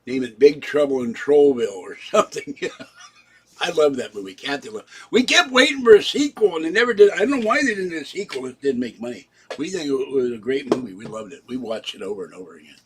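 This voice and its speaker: A man's voice: mid-range voice, animated, quick pace, a bit bright, slight background noise. A man in his seventies, hosting a casual live stream and chatting to viewers, rambling from one topic to the next. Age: 70s. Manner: chatty, talks straight to viewers. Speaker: channel host.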